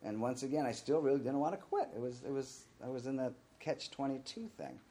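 A man's voice: mid-range voice, expressive, brisk, mellow. A middle-aged man telling his own recovery story in a candid, rambling way, sometimes acting out the voices of the people he quotes. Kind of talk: personal recovery talk.

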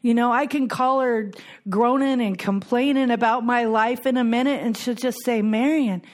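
A middle-aged woman speaks to a recovery group in a heartfelt, personal way. Her voice sits a little on the high side, and she often repeats her key phrases to drive them home. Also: steady tone, moderate pace.

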